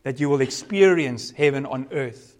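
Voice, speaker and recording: Male pastor, South African accent, earnest sermon delivery, mid-pitched voice. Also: moderate pace. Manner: earnest preaching, code-switching, varied loudness.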